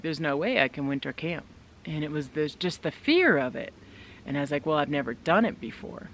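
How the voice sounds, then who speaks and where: A woman with a deep, slightly bright voice vlogs from inside her tent in snowy woods, chatting casually and upbeat straight to her viewers. She's a solo winter camper, and there's a little background noise.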